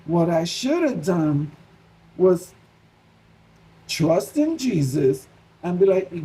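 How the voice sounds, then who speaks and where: New york guy vlogging, pretty high voice, mellow tone, lots of restarts, faint hiss behind. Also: normal speed, low-quality recording. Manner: animated, restarts often, acts out his own panicked thoughts. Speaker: Christian vlogger. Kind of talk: casual personal storytelling.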